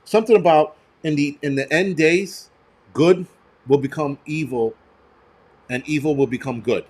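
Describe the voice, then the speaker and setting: A man's voice: on the high side, normal speed, darkish tone. A man who works as a firefighter hosts a livestream, ranting bluntly and profanely and telling stories from work. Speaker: host and firefighter. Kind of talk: livestream rant and storytelling.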